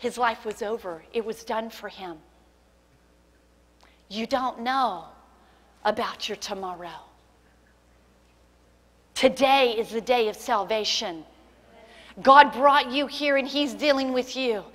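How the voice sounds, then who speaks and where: A woman's voice: a little high, slow pace, long pauses, a bit bright. Impassioned woman preacher in an echoing hall. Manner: impassioned preaching, voice rising to cries in acted quotes. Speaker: pastor. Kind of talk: sermon. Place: church sanctuary.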